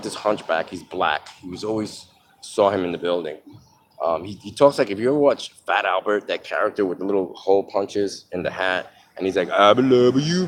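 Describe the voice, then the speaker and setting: A man's voice: deep voice, a little hiss or hum. A man telling candid stories from his own life in a rambling, profane way with lots of fillers, and giving blunt advice to listeners. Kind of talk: candid personal storytelling monologue.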